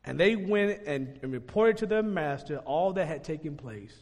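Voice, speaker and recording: Animated preacher man in a reverberant hall. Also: a little high, moderate pace. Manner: animated, conversational, laughs and shouts at peaks. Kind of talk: sermon.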